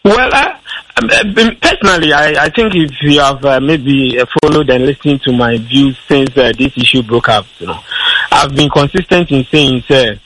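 A man's voice: medium pitch, normal speed, fairly bright tone, breathy edge, poor audio. A man, a guest on a radio discussion, arguing his position firmly with frequent restarts and fillers. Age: adult with a school-age child. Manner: argumentative, many restarts and fillers. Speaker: radio talk show guest.

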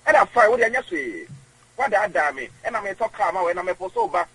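A man, rambling in halting speech with many repeated words as an interview guest on radio. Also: high voice, very animated, gravelly, fairly bright tone, slightly rough, low-quality recording. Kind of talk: casual interview.

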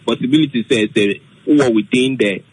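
A man explaining weather safety on the radio, halting, with many fillers, mixing English and Twi. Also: medium pitch, breathy edge, no room sound, rough recording. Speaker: weather forecaster guest.

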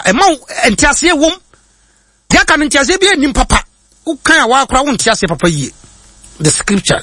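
A man with a Ghanaian accent preaching in a husky voice that sits high and swoops widely in pitch. He reads quoted lines slowly, then rushes into his explanations with plenty of hesitations. The sound is dry and close. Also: big pitch swings, bright, forceful tone, dry recording. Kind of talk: sermon-style teaching, mixing English and Twi.

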